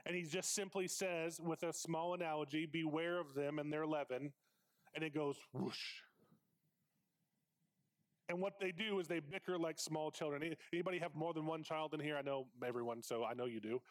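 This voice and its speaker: Male preacher, conversational sermon, emphatic repetition, rhetorical questions to the congregation, voice a touch high. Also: brisk. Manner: emphatic, repeats phrases for stress.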